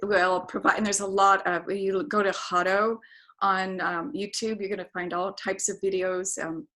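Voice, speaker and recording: A woman's voice: medium pitch, flat delivery, normal speed, sharp tone, poor audio. A middle-aged woman guest, talking as she tells a story and acting out her own reactions. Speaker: interview guest. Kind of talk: conversational storytelling.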